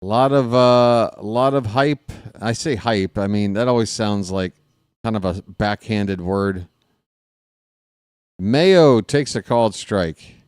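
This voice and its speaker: Man, solo baseball caller, casual and jokey, unhurried pace, clean dry recording. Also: smooth, dry recording. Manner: casual, self-deprecating, jokey between pitches. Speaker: fan play-by-play broadcaster. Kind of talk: solo baseball play-by-play with chatty asides.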